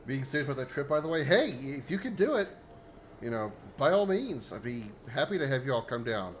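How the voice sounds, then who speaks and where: A man's voice: mid-range voice, big pitch swings, fairly quick, slight background noise, low-quality recording. Joking male game streamer. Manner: joking, rambling, chatty with chat. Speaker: livestreamer. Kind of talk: casual gameplay commentary.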